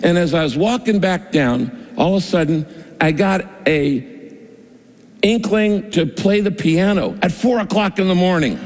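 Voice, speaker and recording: Guy preaching a sermon, tells stories, gets emphatic, voice a bit high, big echoey church. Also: measured pace, a little mellow. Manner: storytelling, emphatic, laughs while preaching. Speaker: pastor. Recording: long hall reverb.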